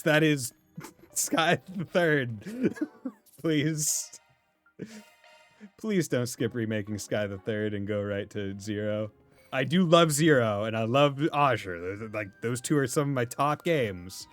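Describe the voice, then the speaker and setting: A man's voice: medium pitch, expressive, measured pace, no room sound, soft background music. A man from Rhode Island with a light Rhode Island accent, streaming a game in casual, rambling chat, laughing often and swearing now and then. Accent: light Rhode Island New England. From Rhode Island, USA.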